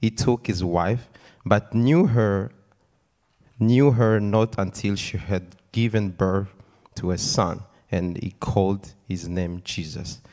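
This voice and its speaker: A man with a very low voice reads scripture aloud. His delivery is steady and formal, and he moves through the passage evenly. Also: slow pace. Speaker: scripture reader. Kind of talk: scripture reading.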